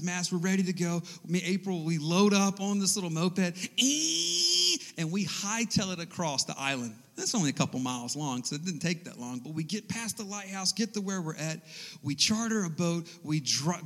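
A man preaching a sermon in a church hall, telling a personal story in an animated, conversational way. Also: high voice. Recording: echoey hall.

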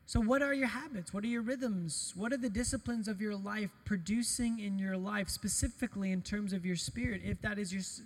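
High-voiced pastor preaching in a reverberant hall. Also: male voice. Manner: animated, storytelling, self-deprecating humor. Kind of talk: conversational sermon with personal stories.

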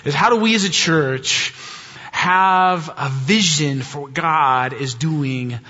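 Bright-voiced pastor in a reverberant church. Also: male voice, on the high side, slow. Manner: conversational, chatty, self-mocking storyteller. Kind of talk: sermon with a humorous personal story. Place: church hall. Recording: long reverb, dull lo-fi sound.

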